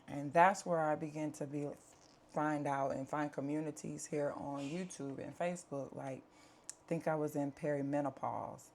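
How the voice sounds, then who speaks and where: A woman's voice: deep voice, fairly even intonation, measured pace, a little mellow, a little hiss or hum. A woman, talking candidly to camera at home in a chatty, earnest way with plenty of fillers. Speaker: vlogger. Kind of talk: candid life-update talk to camera.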